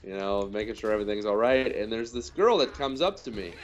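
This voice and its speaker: A man's voice: fairly low pitch, expressive, brisk, dull audio, a little hiss or hum. A young man co-hosting a gaming video, telling a rambling, self-mocking story in casual chat. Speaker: co-host of a game video series.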